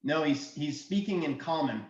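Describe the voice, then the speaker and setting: A man narrating as a tabletop game master, halting and restarting often while he speaks over an online voice call. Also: on the high side, lively intonation, a little mellow. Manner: halting, with many restarts and fillers. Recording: roomy, dull online call from off-mic.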